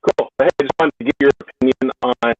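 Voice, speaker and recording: A male caller on his phone in his car, working his way through a rambling question with some hesitation. His mid-pitched voice comes through a narrow, tinny phone line that sounds dry and close. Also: fairly even intonation, quick pace, no echo, faint music behind. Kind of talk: call-in question.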